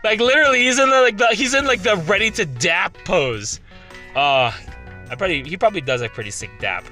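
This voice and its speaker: A man's voice: high voice, expressive, a little fast, sharp tone, faint music behind. A young man casually commenting on a game with slangy, joking asides. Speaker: gaming channel host.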